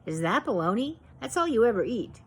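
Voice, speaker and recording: A woman's voice: on the high side, big pitch swings, brisk, slight background noise, pitched above the performer's own voice. A woman voicing a teasing older grandfather who needles a child about her food. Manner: needling, repetitive scolding.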